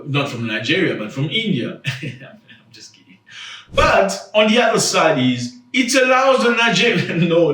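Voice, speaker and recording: Chatty male vlogger, roomy distant sound. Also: high-pitched. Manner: chatty, animated, jokey, addresses viewers as fellas. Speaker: channel host. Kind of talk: commentary vlog.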